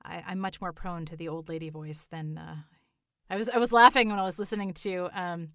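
A woman's voice: on the low side, fairly even intonation, a little fast, a bit bright, clear, resonant tone, no echo, studio quality. A middle-aged woman who voices characters, chatting in an interview in a self-deprecating way, full of fillers and restarts. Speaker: voice actor guest. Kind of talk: casual interview chat.

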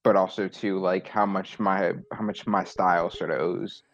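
A man's voice: deep voice, steady tone, moderate pace, no echo, dull audio. A man who wrote the drama, talking reflectively in a casual chat with many fillers. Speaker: writer.

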